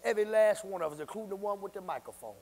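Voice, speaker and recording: A man preaching a sermon as pastor, calling out to the congregation and often breaking into shouts. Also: high voice, very fast, long reverb tail. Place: church sanctuary. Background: church congregation.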